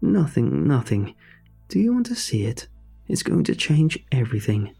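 A man's voice: medium pitch, big pitch swings, moderate pace, creaky, mellow, husky, soft background music, heavily acted. A man voicing an eccentric older woman inventor who is overly cheerful and slightly manic, talking in a rambling, sing-song way. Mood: excited.

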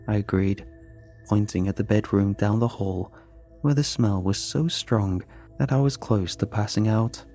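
A man narrating a scripted horror story in a measured, ominous way. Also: lowish voice, mellow, faint music behind.

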